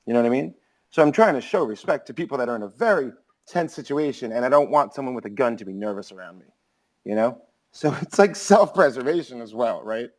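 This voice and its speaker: A man in casual podcast chat, rambling and animated, peppering his stories with filler words. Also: mid-range voice, fast talker, rough recording. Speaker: podcast co-host.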